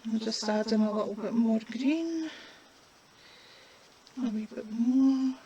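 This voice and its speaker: A woman's voice: on the high side, dark tone, muffled recording, slight background noise. A woman, chatting casually while demonstrating a colouring craft. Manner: chatty, unhurried, talks while working.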